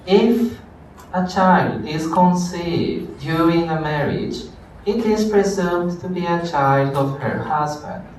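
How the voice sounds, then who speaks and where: Lecturer, slow measured delivery, distant mic in a very echoey classroom. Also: medium pitch, a little mellow, a little hiss or hum. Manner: explains slowly, checks on students. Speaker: law lecturer. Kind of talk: university lecture.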